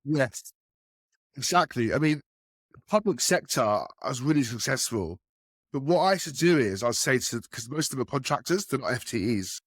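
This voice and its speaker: At a moderate pace, a man tells casual podcast stories about enterprise sales, animatedly acting out the people in them by raising his pitch for their quotes. There is no room sound in the recording.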